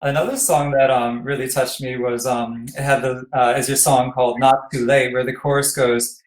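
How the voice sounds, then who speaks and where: A man's voice: medium pitch, little pitch movement, normal speed, hardly any pauses. A man interviewing a singer, chatty and hesitant with lots of ums. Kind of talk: casual interview chat. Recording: roomy echo.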